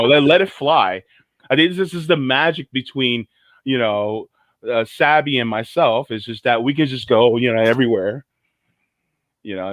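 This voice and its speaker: A man co-hosting a podcast, talking casually in a rambling, animated way. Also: mid-range voice, no echo. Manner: rambling, many fillers and restarts, animated storytelling. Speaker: podcast co-host. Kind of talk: casual conversation.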